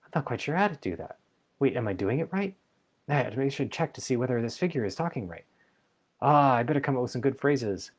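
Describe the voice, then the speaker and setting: A man's voice: mid-range voice, expressive, brisk, pitched above the performer's own voice, close to an everyday voice. A man voicing an anxious inner roommate who rambles and second-guesses himself. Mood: fretful. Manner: anxious, rambling self-talk.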